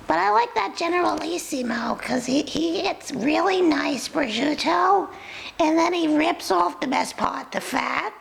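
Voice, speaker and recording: A woman's voice: a little hiss or hum, exaggerated voice, rough recording. A woman voicing a sassy, food-loving female pet dog with a New York accent, rambling and confiding. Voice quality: very high, gravelly. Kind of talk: comic pet voice role-play.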